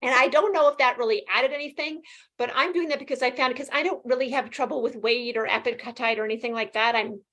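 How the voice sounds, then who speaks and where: A woman in her fifties talks fast and with lively energy as an interview guest. Her voice sits a little high, and she laughs easily between thoughts. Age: 50s. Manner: fast-talking, animated, laughs often. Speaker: guest sharing her experience. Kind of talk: casual interview testimonial.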